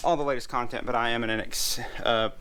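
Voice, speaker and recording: A man, vlogging his cruise. He talks casually and gushes with breathless excitement, and sometimes he runs out of breath while walking. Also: medium pitch, fast. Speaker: travel vlogger. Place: outdoors on a pier, then a cruise ship.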